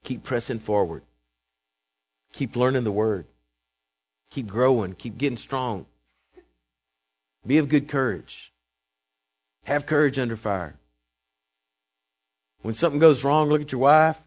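A man, preaching a sermon to his congregation, emphatic and calling for responses, swinging between loud proclamations and quiet asides. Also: mid-range voice, a little slow, pauses often. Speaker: pastor. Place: church sanctuary before a congregation.

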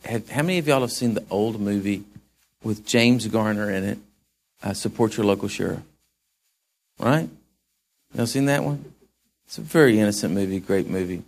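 A man's voice: on the low side, normal speed, creaky, pauses often. A man preaching a sermon in a folksy way, with asides to the congregation. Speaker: pastor.

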